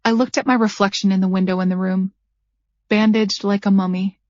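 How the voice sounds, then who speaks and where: A woman narrating a first-person thriller audiobook at a measured pace, her character's lines dryly sarcastic. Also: medium pitch, little pitch movement, a little mellow, no room sound. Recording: dull lo-fi dry recording.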